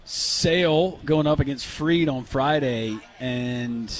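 A man's voice: medium pitch, slow, a little hiss or hum. A man co-hosting a sports radio show, bantering and joking in a casual way. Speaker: radio co-host.

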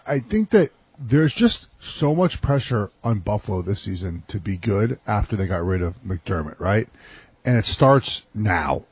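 Ex-nfl guy breaking down a game, husky voice, dry close sound, keeps saying right. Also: medium pitch, a little mellow, dry recording. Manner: rambling, keeps asking "right?". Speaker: former NFL player, analyst. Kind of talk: casual sports analysis.

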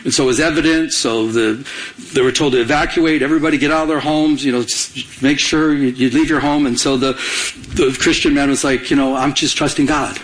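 A man preaching a sermon in a conversational way, often pausing for the congregation to fill in words. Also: mid-range voice, fairly even intonation, poor audio. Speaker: pastor.

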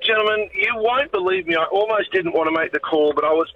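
A man's voice: high-pitched, fast talker. A man calling a radio show and earnestly telling a story. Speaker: caller. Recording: dull phone line with faint noise.

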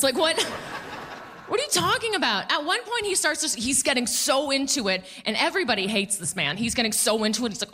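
Bright-voiced woman doing stand-up. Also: high voice, expressive. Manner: quick, playful, mocking voices in quoted bits. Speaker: stand-up comedian. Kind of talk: stand-up comedy set. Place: stage before a live audience.

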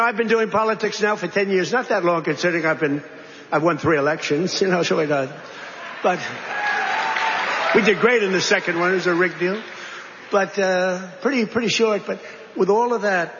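A man's voice: high voice, a little fast, fairly bright tone, a little hiss or hum. A man, a politician, giving a rambling, repetitive political speech to a crowd in a large hall. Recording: dull recording with long hall reverb.

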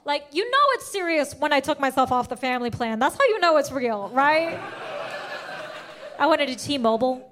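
A young woman performing a stand-up set, telling stories in an animated way with sudden shouted outbursts. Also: high-pitched, normal speed, background noise. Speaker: stand-up comedian.

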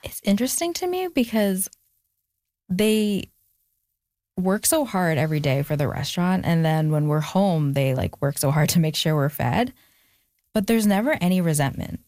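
A woman's voice: on the low side, animated, moderate pace, a little mellow, no room sound. A young adult woman, an author being interviewed, talking reflectively with frequent fillers and restarts. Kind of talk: candid conversational interview.

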